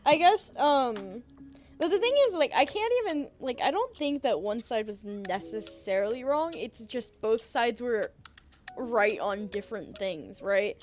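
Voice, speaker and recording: A young woman chats casually as a podcast co-host. Her voice sits fairly high and she keeps breaking into laughter. Faint music plays behind her. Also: a little slow. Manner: giggly, animated storytelling with many fillers. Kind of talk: casual chat.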